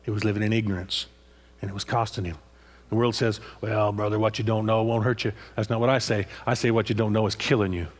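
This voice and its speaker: A man's voice: on the low side, fairly even intonation, quick pace. A man preaching a sermon with passion, repeating phrases and prodding his listeners with "huh?" after each point.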